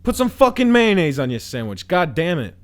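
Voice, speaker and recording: A man's voice: fairly high pitch, very animated, a little fast. A man doing crude, rambling stand-up comedy with many fillers. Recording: loud noise and clicks.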